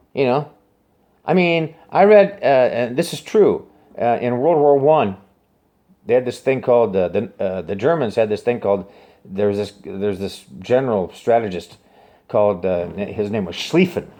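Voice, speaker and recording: Rambling man telling a story, lively pitch. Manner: rambling, halting, repeats himself; swings from hushed to high and urgent. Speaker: musician telling a personal story. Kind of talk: casual storytelling to camera.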